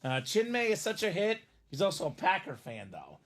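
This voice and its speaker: A man's voice: high voice, wildly swooping pitch, a little fast. A man hosting a live stream, chatting casually and reading viewer comments aloud.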